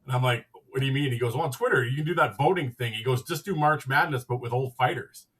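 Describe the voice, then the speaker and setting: A man hosts a podcast and tells a loose, rambling story, slipping into the other people's lines as he goes. His voice is husky, at a middle pitch for a man. He sits a little back from the microphone. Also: fast, fairly bright tone, distant mic. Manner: rambling, acts out quoted dialogue with "I'm like". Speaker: podcast host. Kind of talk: casual storytelling.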